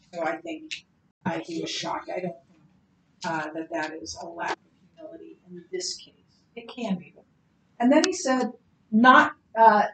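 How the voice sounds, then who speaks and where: A woman teaching a Bible class in a conversational lecture style, chatty and animated, with many fillers and restarts. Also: mid-range voice, distant mic. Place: church classroom. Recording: roomy echo with faint background hiss.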